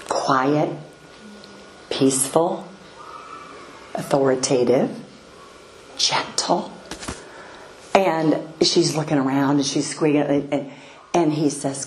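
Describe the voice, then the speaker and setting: Slow, unhurried older woman speaking. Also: deep voice. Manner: unhurried, hesitant, many pauses. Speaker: speaker sharing a devotional story. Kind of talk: devotional talk. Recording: echoey room, faint ambient noise.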